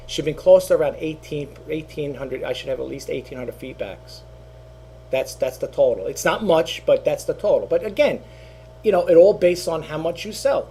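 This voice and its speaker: A medium-pitched, creaky voice with a warm tone belongs to a middle-aged man who resells on eBay and posts on YouTube. His casual talking-head monologue rambles, repeats itself and is packed with fillers, and a little hiss or hum is audible.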